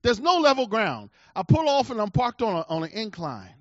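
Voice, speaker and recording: A middle-aged man preaching a sermon and telling a personal story, emphatic, swinging between loud bursts and low asides. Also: huge pitch swings, moderate pace, dry recording. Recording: dull lo-fi recording.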